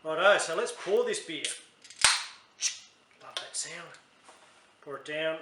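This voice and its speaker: A man's voice: on the high side, expressive, takes it slowly, very noisy. Chatty Australian man in a roomy space. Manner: chatty and rambling, with frequent self-corrections. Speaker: beer reviewer. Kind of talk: casual beer review vlog.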